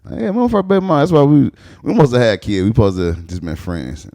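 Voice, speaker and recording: A man's voice: mid-range voice, quick pace. A man sits in as a podcast guest and tells crude, comic stories from his life. His voice rises and falls a great deal as he acts out what people said. He laughs often through his own tales. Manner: animated, acts out quoted lines, laughs often. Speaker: podcast guest, stand-up comedian. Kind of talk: crude comedic storytelling.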